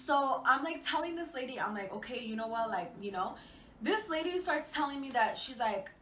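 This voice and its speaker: Bright, chatty young woman in an echoey room. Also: sits high, animated, moderate pace. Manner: chatty, swears freely, lots of fillers. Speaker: vlogger. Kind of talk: casual storytime vlog. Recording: echoey room, mic at a distance, faint hiss.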